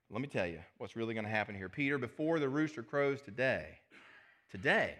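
A preacher voicing a gentle, soft-spoken teacher. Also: male voice, mid-range voice. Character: gentle calm male spiritual teacher.

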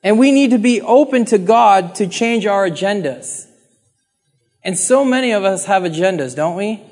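A man's voice: high-pitched, lively intonation, normal speed, a little mellow. A man preaching a sermon in an earnest, conversational way, talking straight to the congregation and acting out pleading prayers. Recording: long reverb of a hall.

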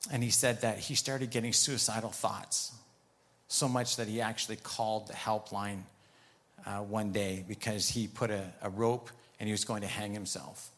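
A man's voice: fairly low pitch, a bit bright. A man preaching a sermon, telling a story and retelling conversations as he goes, then turning firm and emphatic on commands.

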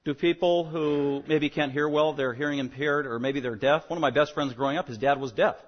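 A man preaching an expository sermon as pastor, emphatic and surging louder on key words. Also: fairly high pitch, steady tone, brisk. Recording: muffled lo-fi sermon recording.

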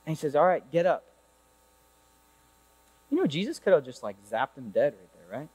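A man preaching a lively, conversational sermon, telling a Bible story and throwing rhetorical questions at his listeners. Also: medium pitch, fast talker, husky, in a large hall.

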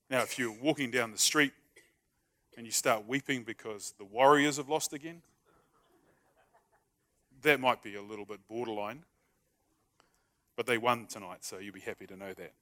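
A man's voice: mid-range voice, a bit bright. A man preaching a sermon in a conversational, humorous way, acting out short everyday dialogues. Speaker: pastor.

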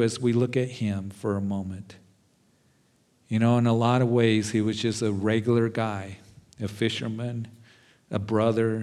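A male pastor preaching a sermon, retelling scripture stories and acting out quotes with lively energy. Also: on the low side. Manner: animated storytelling with acted quotes.

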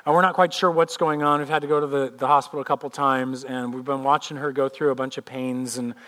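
A man's voice: mid-range voice, fast talker. A male pastor preaching a sermon, telling a scene vividly and then speaking earnestly and personally. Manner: animated storytelling, vividly retelling a scene; earnest and personal when turning to his own life.

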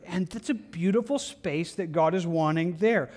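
Pastor, male, high register, conversational sermon delivery that mimics hurried, apologetic prayers. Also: a little mellow. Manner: conversational preaching, acts out prayers with quick repeated phrases.

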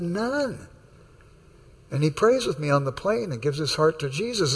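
A man's voice: fairly high pitch, slightly rough, big-room sound. A man preaching a sermon in a conversational way, telling stories and acting out the dialogue. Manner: conversational, anecdotal, acts out dialogue. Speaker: pastor. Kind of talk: sermon with storytelling.

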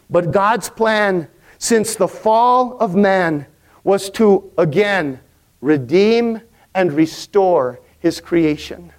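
High-voiced preacher man, slow and emphatic. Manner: preaching with rising, emphatic crescendos and congregation call-and-response. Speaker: pastor. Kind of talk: sermon.

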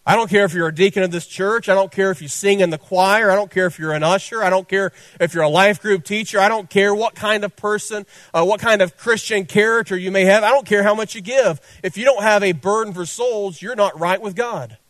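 A man's voice: high-pitched, a little fast, hardly any pauses, a bit bright, no echo. A man preaching a sermon as pastor, fervent and repetitive, addressing listeners directly.

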